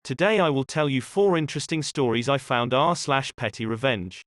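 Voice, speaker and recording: A man in mid pitch narrates written stories as the channel host, with an even, read-aloud delivery. The sound is dry and close, with no room around it, and there is nothing else heard behind him. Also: normal speed, dry recording. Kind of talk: scripted narration.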